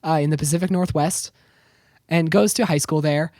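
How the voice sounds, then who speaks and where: A man's voice: on the high side, normal speed, a little mellow, no echo. A man with a strained voice, recapping a film plot with sarcastic asides and laughter in a casual podcast chat. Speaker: podcast co-host.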